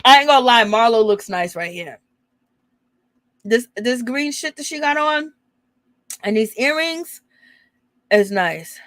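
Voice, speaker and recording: A woman hosting a casual reality TV recap, gossiping with slang and quick asides to her viewers. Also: a little high, expressive, fairly bright tone, no room sound. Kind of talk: casual commentary on a reality show.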